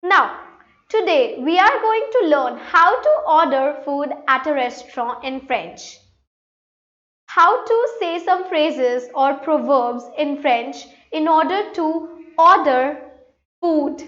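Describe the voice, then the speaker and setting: Casting: high-pitched female language teacher, unhurried explainer, echoey room. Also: lively intonation, a bit bright. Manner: slow, explanatory, reads French lines then translates. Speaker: French teacher. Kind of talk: slide-based language lesson. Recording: echoey room, dull lo-fi sound.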